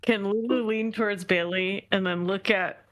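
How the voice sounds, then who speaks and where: A woman playing a tabletop game, speaking in a halting, hesitant way. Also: mid-range voice, fairly even intonation, a bit bright, dry recording, clean studio sound. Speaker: player. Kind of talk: tabletop role-play.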